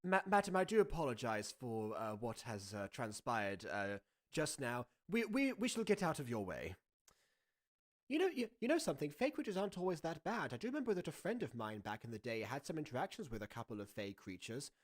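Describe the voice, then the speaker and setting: A man playing a pompous, old-fashioned gentleman who speaks stiffly and stammers politely. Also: medium pitch, very animated, pitched below the performer's own voice, natural voice. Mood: apologetic. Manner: stuffy, halting, stammering formality.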